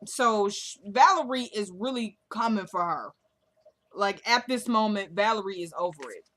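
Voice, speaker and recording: A woman's voice: mid-range voice, lively intonation, fairly bright tone. Chatty woman recapping a TV episode. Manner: chatty, slangy, quick-cutting asides. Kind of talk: casual recap chat.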